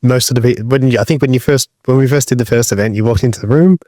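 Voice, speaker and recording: A man's voice: medium pitch, quick pace, mellow, no room sound. Guy co-hosting a podcast, rambly and asking questions, mid voice, dry sound. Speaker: podcast co-host. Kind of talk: casual podcast chat.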